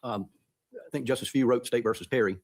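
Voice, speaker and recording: A man sits as a justice and questions the lawyer at a brisk pace, polite and searching. He often pauses on "uh" as he works through his doubts about the argument. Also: mid-range voice. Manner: courteous, searching questions with hesitations. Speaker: supreme court justice. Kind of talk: questioning counsel at oral argument.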